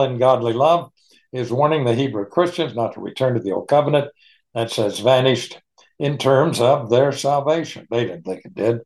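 A man leads a Bible study in an unhurried, folksy manner. He chuckles often as he explains the passage, and his voice sits at an ordinary middle pitch. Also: darkish tone. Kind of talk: online Bible study teaching.

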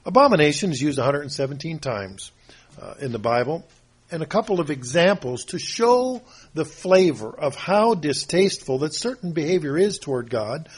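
A husky older man delivers a homespun sermon. He rambles from story to scripture, and his voice sits a touch higher than most men's. He clears his throat often as he goes. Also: sing-song, normal speed. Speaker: preacher. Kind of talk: folksy sermon.

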